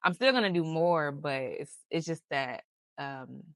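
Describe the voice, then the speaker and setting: A woman co-hosting a podcast with her sister, talking earnestly and pausing to search for words. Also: sits low, expressive, fairly bright tone, no echo, studio quality. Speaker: podcast co-host. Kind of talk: casual chat.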